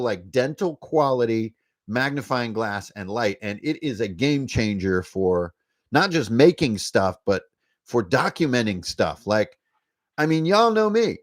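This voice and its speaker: A man with a folksy rural American drawl, hosting a casual vlog in a rambling, jokey, profane and self-mocking way. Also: mid-range voice. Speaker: tabletop game designer and channel host. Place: indoor studio with shelves.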